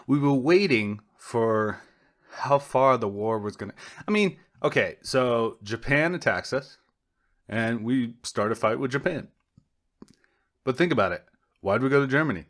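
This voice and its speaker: A young man co-hosting a podcast alone, rambling and meandering with jokey asides and self-interruptions. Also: mid-range voice. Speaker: podcast co-host. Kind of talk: solo rambling podcast monologue.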